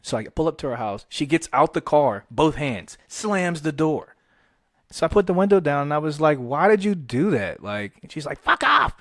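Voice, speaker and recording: A man's voice: a little high, normal speed, no echo, studio quality. A young man co-hosting a podcast, telling a story in casual chat, swearing and acting out quotes. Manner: animated, swearing, acts out quotes with laughs.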